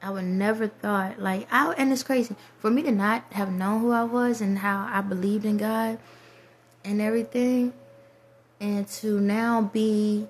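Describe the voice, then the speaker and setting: Woman vlogger, reflective and rambling, soft trailing whispers, faint background hiss. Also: medium pitch, steady tone, a little slow. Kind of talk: casual spiritual monologue.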